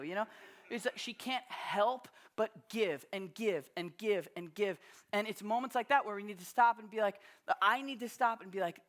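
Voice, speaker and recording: A man's voice: sits high, normal speed, fairly bright tone. A man in his thirties from Long Island, New York, preaching a sermon as a pastor in a conversational, storytelling way with frequent restarts.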